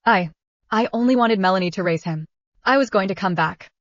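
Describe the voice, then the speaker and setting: A woman's voice: medium pitch, brisk, no echo, lo-fi sound, lightly acted. Woman doing a tearful, stammering schemer caught out. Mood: distraught. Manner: pleading, stammering denials.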